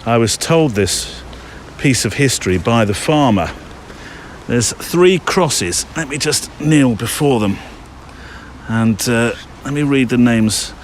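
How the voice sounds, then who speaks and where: A man's voice: medium pitch, a little slow, a little hiss or hum. A man hosting a podcast while walking outdoors through woodland, talking in a casual, rambling way with lots of fillers. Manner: chatty, rambling with many fillers. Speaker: podcast host.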